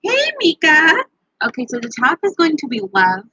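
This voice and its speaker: A woman's voice: on the high side, lively intonation, fast talker, bright, forceful tone, breathy edge, no echo, dull audio. A woman giving a live tarot reading, chatting playfully and addressing viewers by name. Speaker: tarot reader.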